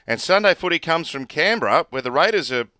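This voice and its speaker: Croaky aussie guy hosting footy news, bright tone, rattles through team changes. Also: a little high, expressive, no echo, clean studio sound. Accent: Australian. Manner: brisk team-news rundown. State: hoarse. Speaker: sports show host. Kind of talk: sports show presenting.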